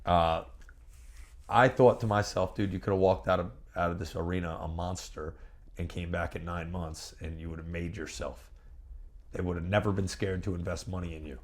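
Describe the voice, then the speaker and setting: A man with a fairly low voice gives a candid interview about his years as a pro wrestler. He talks brashly and boastfully and swears freely. His animated storytelling breaks into bursts of repeated words. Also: moderate pace.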